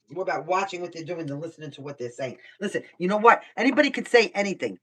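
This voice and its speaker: A woman's voice: on the low side, animated, very fast, fairly bright tone, husky. An older woman from Brooklyn, giving a casual live tarot reading, blunt and chatty and swearing freely. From Brooklyn, New York. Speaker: tarot reader. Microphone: computer mic. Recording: voice somewhat far from the mic.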